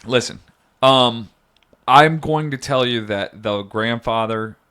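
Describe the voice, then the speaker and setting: A man's voice: medium pitch, slow, sharp tone, smooth. A man co-hosting a podcast in a studio, rambling and joking as he tells stories. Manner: rambling, jokey storyteller. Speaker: podcast co-host. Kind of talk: casual chat.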